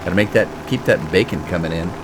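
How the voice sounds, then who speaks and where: A middle-aged man talks in a lowish voice while streaming a farming game. He chats and jokes easily as he reads the chat aloud. A faint hum sits under the recording. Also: fast. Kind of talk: casual game live stream.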